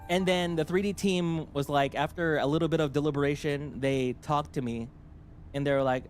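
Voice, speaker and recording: A man streaming casually as a VTuber, telling a rambling, animated story with laughs and restarts. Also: fairly high pitch, brisk, faint music behind.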